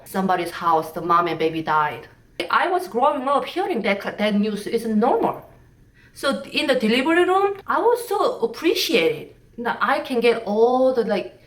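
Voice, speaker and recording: A young woman from North Korea with a Korean accent, telling a personal story in halting, candid English that often breaks into laughter. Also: medium pitch. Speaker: vlogger. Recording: roomy echo, mic at a distance.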